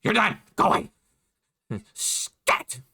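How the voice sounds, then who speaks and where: A man's voice: slow, bright, forceful tone, no echo, studio quality. A man voicing a twitchy, rude goblin woman who talks shrilly and snaps. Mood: snappish. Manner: shrill, snappish.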